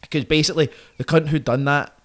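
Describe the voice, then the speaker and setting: A man's voice: a little high, fairly even intonation, quick pace. A man in his twenties with a Glaswegian accent, a podcast guest telling profane, vivid stories in casual chat, punctuated by "right?" and "mate". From Scotland.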